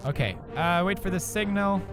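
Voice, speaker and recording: A young man redubbing a movie chase scene for comedy, with shouty, crude swearing outbursts. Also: high-pitched, normal speed, loud music behind the voice. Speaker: comedy voice-over dubber.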